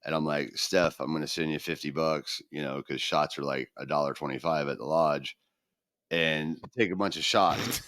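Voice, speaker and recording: Speaking at a moderate pace in a bass voice, a middle-aged co-host chats casually on a podcast. He brings his stories to life by acting out quoted voices, and the studio-quality audio has no echo.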